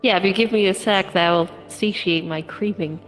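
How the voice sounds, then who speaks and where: A woman's voice: medium pitch, normal speed, big-room sound, soft background music, poor audio. A woman in casual, teasing chat while setting up a roleplay.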